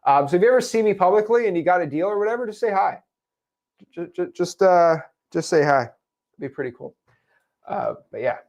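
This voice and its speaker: A man's voice: high voice, lively intonation, a little fast, a little mellow. Laid-back man coaching on a call. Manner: laid-back, calls people "man" and "dude". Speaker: host answering live questions. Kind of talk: casual live coaching call.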